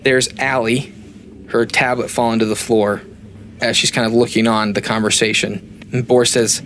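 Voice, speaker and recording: Male game master, easygoing narration with fillers, mid pitch, faint noise. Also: moderate pace. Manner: relaxed, hesitant, frequent fillers.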